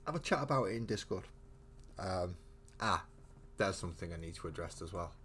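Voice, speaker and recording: A man's voice: deep voice, lively intonation, brisk, fairly bright tone, a little hiss or hum. A man hosting a live miniature-painting stream, chatting casually and thinking aloud with frequent restarts, in a home hobby room.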